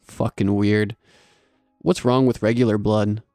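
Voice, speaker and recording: A man's voice: on the low side, steady tone, measured pace, darkish tone, no echo, studio quality. A man voicing a cocky grown father who jeers and laughs at a monster. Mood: mocking. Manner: jeering and laid-back.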